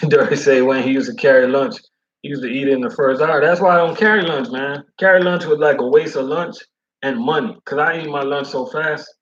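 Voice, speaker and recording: Casual male delivery driver, slangy storyteller, mid pitch, muffled lo-fi recording. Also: fairly even intonation, brisk, fairly bright tone, slight background noise. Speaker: food service delivery driver. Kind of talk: casual chat.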